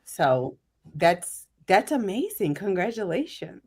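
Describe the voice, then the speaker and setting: A woman's voice: mid-range voice, sing-song, slow pace, breathy edge. A woman hosting a panel discussion over a video call, affirming guests with lots of "um" fillers. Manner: warm and affirming, many fillers. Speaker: panel host.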